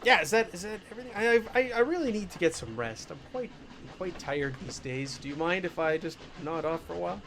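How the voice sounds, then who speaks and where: A man's voice: sits high, very animated, fast, few pauses, bright, forceful tone, slight background noise, pitched above the performer's own voice, full character voice. Man playing weary old scholar, stammering. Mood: sleepy. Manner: stammering, earnest, growing sleepy. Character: weary older male scholar patron, Mister Hurst.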